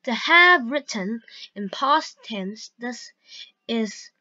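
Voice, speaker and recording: A woman teaching a grammar lesson, reading example sentences aloud slowly and carefully. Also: a little high, expressive, sharp tone. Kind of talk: slow grammar lesson narration. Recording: dull lo-fi recording.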